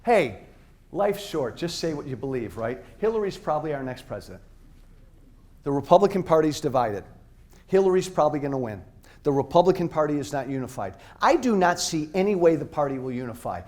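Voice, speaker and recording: A man's voice: a little high, sing-song, a little fast, darkish tone. A middle-aged man giving a blunt, impassioned, off-the-cuff speech to college students in a university hall, talking straight to the crowd. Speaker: political speaker.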